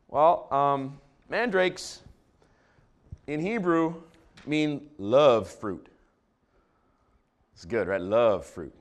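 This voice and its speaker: Animated pastor, lively sermon voice. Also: male voice, a little high. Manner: animated, joking asides to the congregation. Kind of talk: conversational sermon. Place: church before a large congregation.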